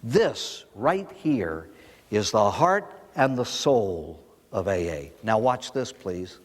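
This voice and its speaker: A man's voice: lowish voice, slow pace, in a large hall. An older man, a priest, giving a recovery talk to an audience, telling stories and asking rhetorical questions. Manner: storytelling, animated, with rhetorical questions.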